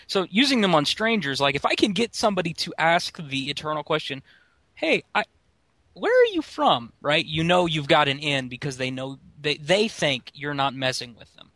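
A man's voice: fairly high pitch, fairly quick, few pauses, bright, forceful tone, no echo. A man co-hosting a casual comedy podcast, playful and rambling as he tells his bits. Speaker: podcast co-host.

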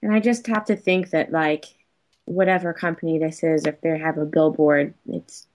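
A woman's voice: deep voice, fairly even intonation, moderate pace, a little mellow. A woman co-hosting a casual podcast, chatting in a hesitant, stop-start way. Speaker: podcast co-host.

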